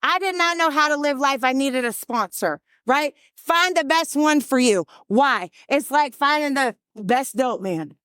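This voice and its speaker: A woman with a high voice gives a frank testimony to a recovery group. She tells it with humor and plays out the other people in the story. The sound is close and dry. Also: lively intonation, unhurried, hardly any pauses, fairly bright tone, no room sound. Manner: candid, humorous storyteller who acts out voices. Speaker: speaker sharing her recovery story.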